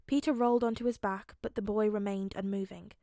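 A woman narrating a fan fiction audiobook with clear, steady storytelling. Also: mid-range voice, fairly quick, no echo, studio quality. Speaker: podfic reader.

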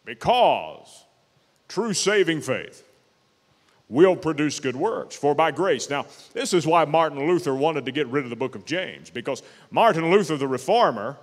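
Emphatic preacher with hall reverb. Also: male voice, a little high, lively intonation, a bit bright. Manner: emphatic preaching, slowing on key words. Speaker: pastor. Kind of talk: sermon. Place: church sanctuary.

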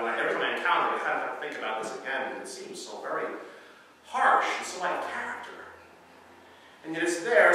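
A pastor preaching a sermon, animated and repeating himself, with joking asides to his congregation. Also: mid-range voice, a little hiss or hum. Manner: animated, self-interrupting with humorous asides. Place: church sanctuary. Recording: echoey hall, mic from far off.

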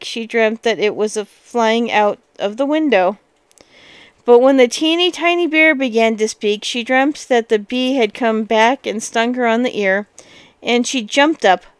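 A woman reads a fairy tale aloud in a smooth, fairly high voice. Her telling is expressive and breaks into lively exclamations now and then. The recording is dry and close. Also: no echo. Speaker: storyteller.

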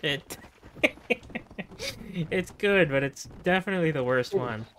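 A man's voice: on the high side, very animated, takes it slowly, a crowd in the background. A man hosting a casual gaming chat with friends, teasing and laughing often. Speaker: streamer and host.

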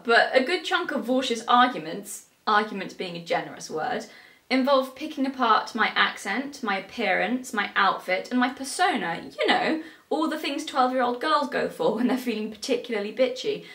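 A woman's voice: on the high side, expressive, normal speed, fairly bright tone. A young British woman with a British English accent hosting a commentary video, sarcastic, teasing and theatrical. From Britain. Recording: roomy echo, distant mic.

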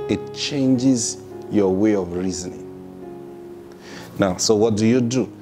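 A man's voice: fairly low pitch, takes it slowly, long pauses, music in the background. A male pastor preaching a sermon, driving points home with emphatic rhetorical questions and acting out prayers in quoted voices. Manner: acts out prayers and replies in quotes.

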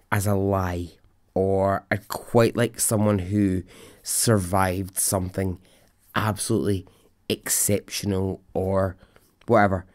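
Slow-talking Scottish man, podcast host. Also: lowish voice, a little mellow, dry recording. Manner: chatty and enthusiastic, rambling asides. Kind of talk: casual storytelling podcast chat.

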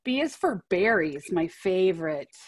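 A woman leading a children's library storytime, cheerful and unhurried as she reads aloud to kids. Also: lowish voice, big pitch swings.

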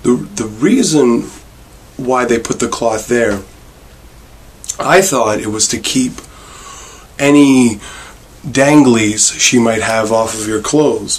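A man vlogging a rambling comic monologue with wry, meandering deadpan asides. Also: medium pitch, breathy edge. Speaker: vlogger and bar worker.

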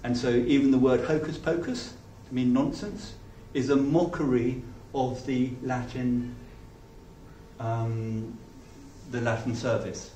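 Male pastor, halting reflective sermon, distant echoey church recording with faint noise. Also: mid-range voice, steady tone, mellow. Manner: reflective, halting, with many restarts. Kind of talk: sermon with closing prayer. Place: church hall.

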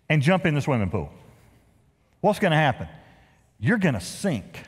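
A middle-aged man preaching a sermon as pastor, folksy and joking, swinging from loud emphasis to hushed, quiet lows. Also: huge pitch swings, normal speed, pauses often, breathy edge. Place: large church sanctuary. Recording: reverberant church hall.

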